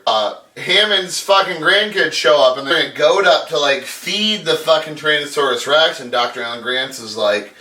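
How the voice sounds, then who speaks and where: A man's voice: on the high side, normal speed, hardly any pauses, bright, forceful tone, distant mic. A man giving a crude, sarcastic comedic recap of a movie, swearing constantly. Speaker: podcast host. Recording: echoey room, off mic.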